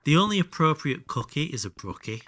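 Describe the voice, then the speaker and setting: Here a male streamer keeps up a relaxed live-stream chat as he plays, trading jokes and banter with viewers and occasionally muttering to himself. He sounds a little high, with big pitch swings, a brisk pace and a bright, forceful tone.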